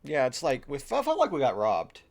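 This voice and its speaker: A man's voice: mid-range voice, huge pitch swings, a little fast, vocal fry, a little mellow. A man co-hosting a casual sports podcast over drinks, loose and swearing, laughing often. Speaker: podcast co-host.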